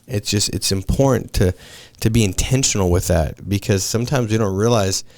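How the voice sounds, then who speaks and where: Laid-back low-voiced male podcast host. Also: normal speed, darkish tone. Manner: laid-back, says dude and man a lot. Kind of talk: casual podcast chat.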